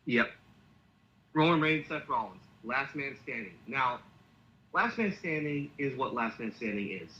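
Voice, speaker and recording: A man's voice: medium pitch, expressive, measured pace, sharp tone, lo-fi sound. A man co-hosting a podcast, casually narrating a fantasy wrestling storyline. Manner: acts out wrestlers' lines in quoted voices.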